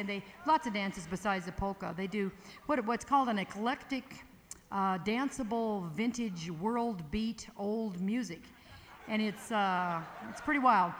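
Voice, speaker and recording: Chatty woman emceeing in an echoey hall. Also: medium pitch. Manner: chatty, rambling, playful. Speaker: emcee at a music camp evening dance. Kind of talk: chatty live stage introduction. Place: large hall with audience. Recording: echoey hall with ambient noise.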